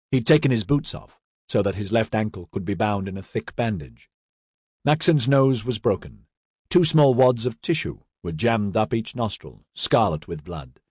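Husky-voiced man narrating an audiobook. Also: on the low side, no room sound, studio quality. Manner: steady, even storytelling. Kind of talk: scripted narration.

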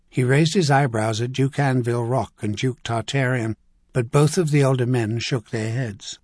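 Casting: male audiobook narrator, steady mid-range voice, dead-dry booth. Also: medium pitch, unhurried, no echo. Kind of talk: scripted narration.

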